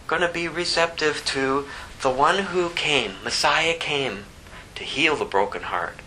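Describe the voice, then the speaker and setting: A man preaching a sermon, moving between impassioned rising emphasis and hushed, slower scripture reading. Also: fairly high pitch, a little hiss or hum, low-quality recording. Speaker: pastor.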